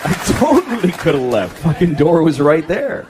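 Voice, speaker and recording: A man's voice: a little high, sing-song, normal speed. A man in his thirties doing profane, self-deprecating stand-up comedy, acting out voices, recorded live with crowd noise. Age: 30s. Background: audience laughter.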